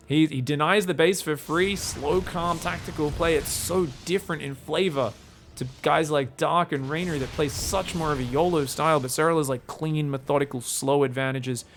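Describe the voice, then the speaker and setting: A young man casting a live game match in an excitable, jokey way, with bursts of shouting during the fights. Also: a little high, moderate pace, slight background noise. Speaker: esports caster.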